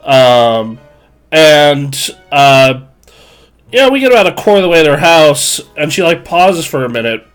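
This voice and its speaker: A man in his twenties spins a crude, self-deprecating anecdote for his stream, looping back with fillers and asides. His voice sits a little high. Faint music plays under his desk mic. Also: big pitch swings, measured pace, fairly bright tone, clean tone. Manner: rambling, crude, self-mocking, many fillers. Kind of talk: casual storytelling on stream.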